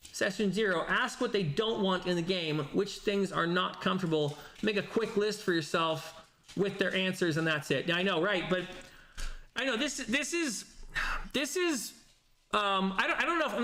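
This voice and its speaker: A man's voice: high voice, pushed and bright, a little hiss or hum. A man hosting a casual stream, reading comments aloud and rambling with many restarts and self-corrections. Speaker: host reading live chat comments. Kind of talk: casual livestream chat.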